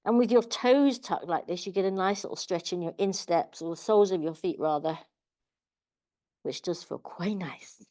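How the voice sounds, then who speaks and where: A woman's voice: lowish voice, normal speed, dark tone. A woman teaching a live online pilates class, cueing moves with chirpy encouragement and chatty asides. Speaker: pilates instructor.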